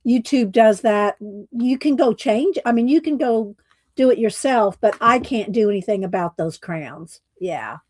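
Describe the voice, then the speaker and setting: A woman hosts a relaxed livestream, talking very slowly and easily to her viewers with frequent little laughs. Her voice sits a bit high and is slightly croaky this morning. The sound is close and dry, with no room echo. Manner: slow, chatty, laughs often, Southern "y'all". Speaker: livestream host. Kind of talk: casual livestream chat greeting viewers.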